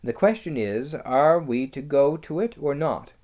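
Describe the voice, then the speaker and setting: A reader voicing Peter, a steady eldest boy who speaks calmly and reasons things out. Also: medium pitch, measured pace, close to an everyday voice. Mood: thoughtful. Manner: calm, reasoning.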